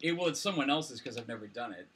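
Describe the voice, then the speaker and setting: A man's voice: mid-range voice, lively intonation, fairly bright tone, a little hiss or hum. A man co-hosting a podcast, retelling a story and posing questions, often stopping to restart his words. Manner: halting, repeats words while framing questions. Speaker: podcast co-host. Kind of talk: casual chat, retelling stories.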